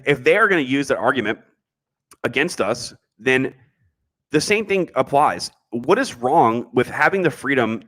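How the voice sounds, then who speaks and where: A man's voice: medium pitch, a bit bright. A man hosting a casual livestream podcast, reading chat messages and answering them bluntly, with frequent restarts and slang.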